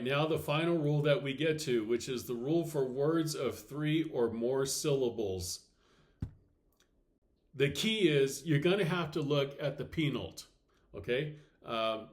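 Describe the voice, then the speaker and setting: A man teaching a recorded slide lesson, explaining step by step, checking in with "okay" and saying example words slowly and deliberately. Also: mid-range voice. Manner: clear step-by-step explaining with frequent okays. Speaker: Latin teacher.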